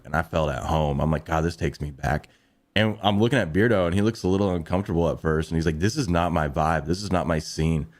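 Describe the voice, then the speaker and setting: A man with a low voice hosts a live sports talk show. He tells loose road-trip stories, laughing as he goes, and greets the chat. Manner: laughing, storytelling, quick asides.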